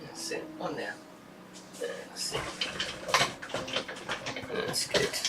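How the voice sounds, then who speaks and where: A man's voice: drawn-out words, loud music behind the voice. A man chatting casually on a live stream from his desk at home, rambling and chatty. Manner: rambling, chatty, breaks into high coo when talking to his pet bird. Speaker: gaming YouTuber. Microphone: desk microphone.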